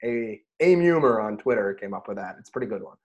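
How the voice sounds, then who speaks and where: A middle-aged man, a rabbi, chatting casually about scripture and telling stories with lively bursts when he quotes himself. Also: on the low side, fast talker, dull audio. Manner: animated storyteller, rises sharply when quoting himself. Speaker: rabbi and podcast host. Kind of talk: casual Torah discussion and storytelling.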